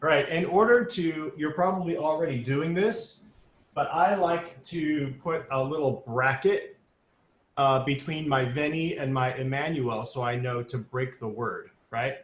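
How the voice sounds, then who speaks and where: A choir director with a voice on the high side leads a sectional rehearsal, patiently guiding the singers through the music step by step at a measured pace, with many ums and uhs. This online rehearsal recording has an echoey room and instrument music.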